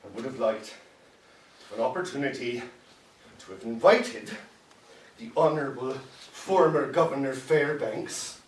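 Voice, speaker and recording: An actor playing a bitter immigrant Civil War captain who drinks alone and rambles sardonically. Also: male voice, mid-range voice, a little slow, long pauses, close to an everyday voice. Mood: sardonic. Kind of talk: solo stage monologue. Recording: roomy echo from far off.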